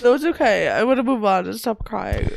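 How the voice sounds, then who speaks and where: A woman's voice: fairly high pitch, sing-song, brisk, gravelly, crowd noise. A woman in her thirties co-hosting a casual podcast, emotional and teary, laughing and sniffling between words. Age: 30s. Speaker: podcast co-host. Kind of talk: casual chat.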